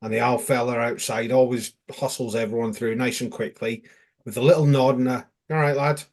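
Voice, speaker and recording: A man's voice: mid-range voice, flat delivery, a little fast, darkish tone. A man chatting on a fan podcast panel, joking and telling little stories about match days. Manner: jokey and anecdotal. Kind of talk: casual chat.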